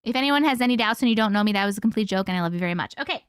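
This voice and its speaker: Female livestream host, playful and animated; expressive, up-and-down delivery. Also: medium pitch, very fast, clear, resonant tone, no room sound, studio quality. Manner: animated and playful, jokes with chat. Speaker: host reading viewer stories. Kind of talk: casual livestream chat.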